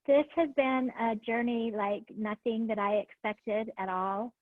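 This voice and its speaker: A woman's voice: on the high side, fairly even intonation, unhurried, no room sound. A woman yoga graduate giving a tearful, heartfelt farewell speech over a video call. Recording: thin phone-like video call, dry.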